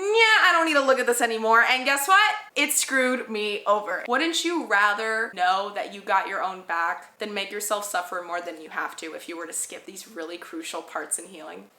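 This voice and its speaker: A woman's voice: mid-range voice, bright, forceful tone. A young woman talking straight to the camera as a spiritual healing teacher, chatty and emphatic, with playful sarcastic asides. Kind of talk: casual teaching monologue to camera. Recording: echoey room.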